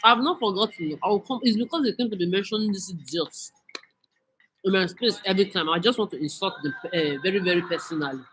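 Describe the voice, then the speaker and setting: A woman's voice: medium pitch, fast talker, a little hiss or hum, poor audio. Furious Nigerian woman ranting. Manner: cursing, scolding, mixes in Pidgin. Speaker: vlogger. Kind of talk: angry rant monologue.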